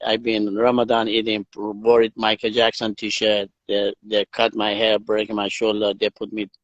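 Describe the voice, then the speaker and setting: A man's voice: lowish voice, moderate pace, no room sound, lo-fi sound. A man from northern Iran with a Persian accent, telling his stories in broken English as a guest on a video call livestream. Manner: broken English, animated storytelling. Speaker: guest, endurance athlete. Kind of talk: casual interview storytelling.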